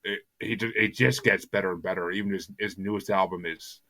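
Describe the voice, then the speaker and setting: A man's voice: sits low, steady tone, fairly quick, pushed and bright, no echo. A man hosting a music podcast in casual chat, rambling and enthusiastic, often stumbling over repeated words. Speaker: podcast host.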